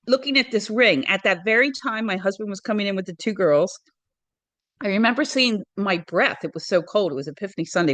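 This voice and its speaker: Earnest, hesitant woman with a low voice. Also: no echo. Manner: earnest, hesitant with frequent ums and restarts. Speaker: interview guest. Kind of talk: personal story told in an interview.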